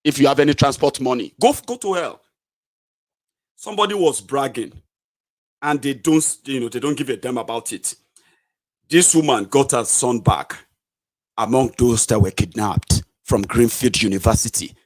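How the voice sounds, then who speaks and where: A man's voice: mid-range voice, moderate pace, long pauses, a little mellow. A Nigerian man giving a combative, sarcastic political rant, scolding his viewers directly. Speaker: political commentator. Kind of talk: angry solo political rant.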